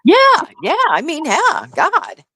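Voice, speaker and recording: A woman co-hosting a casual livestream chat, telling gossip in an animated, profane, laughing way. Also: high-pitched, slow pace, dry recording. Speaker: livestream co-host.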